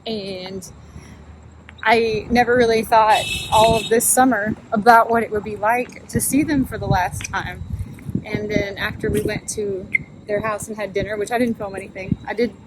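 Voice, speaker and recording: A woman chatting casually as a travel vlogger, emotional and quick to laugh. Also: medium pitch, fairly even intonation, background noise. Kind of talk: casual vlog chat.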